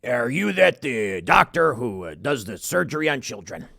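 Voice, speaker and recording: A man putting on the voice of an overweight male police officer who speaks politely and haltingly while out of breath. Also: mid-range voice, sing-song, gravelly, pushed and bright, no echo, studio quality, pitched below the performer's own voice, heavily acted. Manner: mild, halting, winded.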